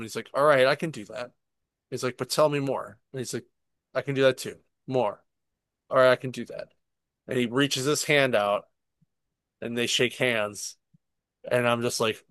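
A man in casual podcast chat, retelling a show in an animated way and swearing freely. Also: mid-range voice, no room sound. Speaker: podcast co-host.

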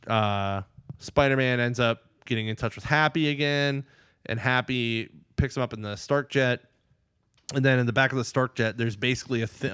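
Smooth-voiced man rambling excitedly. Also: mid-range voice, dry recording, clean studio sound. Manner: excited, rambling, acts out quotes. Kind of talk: casual chat recapping a movie.

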